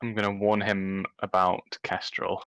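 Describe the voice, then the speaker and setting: A man playing a tabletop game, speaking in an earnest, deliberate way. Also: low-pitched, little pitch movement, fairly bright tone, no room sound, low-quality recording. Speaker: player.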